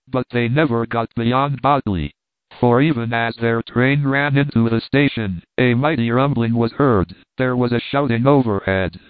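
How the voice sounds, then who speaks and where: A man reading a novel aloud in an even, measured narration. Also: mid-range voice, no echo. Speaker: audiobook narrator. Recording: tinny phone-like dry sound.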